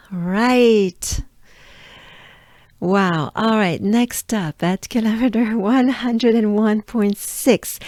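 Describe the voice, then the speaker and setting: A woman with a French accent, a native of France, teaching pronunciation by slowly repeating words and coaxing the listener to say them along. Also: mid-range voice, a little mellow, dry recording, studio quality. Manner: slow, drills words with repetition, coaxing. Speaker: pronunciation coach. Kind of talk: pronunciation lesson.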